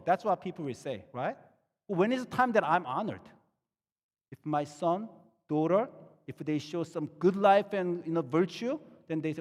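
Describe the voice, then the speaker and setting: A man's voice: sits high, expressive, normal speed, in a large hall. A middle-aged man, a pastor, preaching conversationally and asking the listeners many questions. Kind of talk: sermon.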